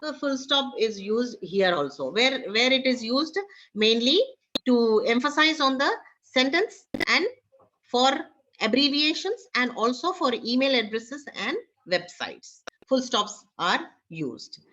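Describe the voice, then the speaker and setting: A woman teaching an online class with an Indian English accent, talking haltingly with many fillers. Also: fairly high pitch, lively intonation, bright, forceful tone. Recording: dull lo-fi online class audio.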